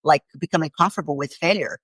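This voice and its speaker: A woman's voice: deep voice, quick pace, fairly bright tone, breathy edge, dry recording. A woman hosting a fitness podcast, talking with a guest in an earnest, candid way. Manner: earnest, candid, occasional swearing. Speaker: podcast host. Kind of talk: conversational interview.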